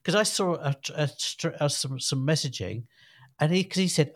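A man's voice: a little high, normal speed. A man co-hosting a podcast, reacting eagerly and chatting with a lot of energy. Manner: animated, reactive listener, swears freely. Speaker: podcast co-host. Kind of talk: casual chat.

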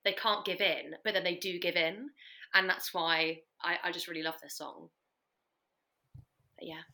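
A woman with a bright, forward tone and a fairly low pitch talks eagerly on a podcast. She piles up filler words and restarts mid-thought. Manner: enthusiastic, heavy use of "like", restarts. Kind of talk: casual chat.

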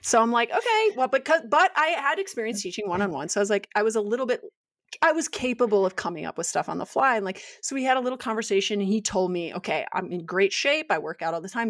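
Animated woman telling a story. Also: mid-range voice, quick pace, dry recording, studio quality. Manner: animated storyteller, acts out quotes. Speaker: podcast co-host, yoga teacher. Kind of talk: casual storytelling chat.

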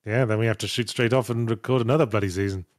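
A man's voice: lowish voice, fairly even intonation, very fast, dry recording. A man hosting a casual podcast, reading out viewer messages with dry, sardonic asides. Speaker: podcast host reading superchats. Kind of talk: casual chat.

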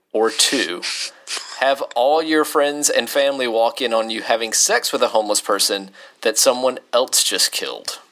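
Guy cohosting a podcast, bright forceful voice, jokey, reads out listener questions. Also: mid-range voice. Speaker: podcast co-host. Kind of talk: casual chat.

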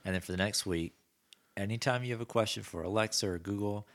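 A man's voice: lowish voice, fast talker, fairly bright tone. A man co-hosting a podcast, chatting casually and enthusiastically about gadgets. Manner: enthusiastic, acts out quoted voices. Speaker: podcast co-host. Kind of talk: casual chat.

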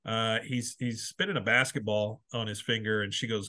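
A man's voice: on the low side, pushed and bright. A man hosting a casual podcast, retelling cartoon scenes and quoting lines, hesitant with many fillers. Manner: reads out quotes in quick bursts, hesitant with many uhs. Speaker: podcast host recapping a cartoon episode.

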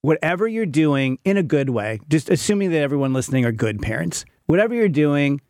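A man's voice: a little high, sing-song, brisk, a little mellow, dry recording. A man in his fifties, chatting candidly as a podcast co-host and poking fun at himself while telling stories. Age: 50s. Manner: candid, self-mocking storyteller. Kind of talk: casual chat.

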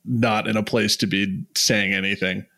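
A man's voice: on the low side, little pitch movement, moderate pace, sharp tone. A young man co-hosting a podcast, chatting casually and giggling between jokes. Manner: giggly, loose and joking. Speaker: podcast co-host. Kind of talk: casual chat.

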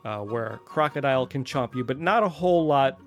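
A man hosts a casual podcast, wandering through his points and wondering aloud. His voice sits at an ordinary middle pitch. A faint bed of music runs under him. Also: lively intonation, brisk, muffled recording. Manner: chatty, digressive, asks himself questions aloud. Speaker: podcast host. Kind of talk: casual explanatory podcast talk.

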